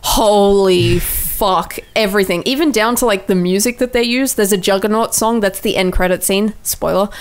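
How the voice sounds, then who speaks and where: A woman, co-hosting a casual podcast and retelling the story excitedly and bluntly. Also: mid-range voice, moderate pace, hardly any pauses, clear, resonant tone. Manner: excitable, blunt, laughs often. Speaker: podcast co-host. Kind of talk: casual chat.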